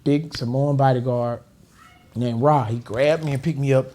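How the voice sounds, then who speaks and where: Speaking at normal speed into a studio podcast mic, this middle-aged Los Angeles man has a mellow, mid-range voice with fairly even intonation. As a guest, he spins casual, animated stories, laughs a lot, and imitates others in a raised voice.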